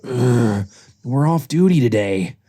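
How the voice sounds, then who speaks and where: Man reads a sly male fox: drawling, swooping pitch, comic reading. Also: expressive, takes it slowly, dark tone. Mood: groggy. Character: sly male fox, sleepy then giddy.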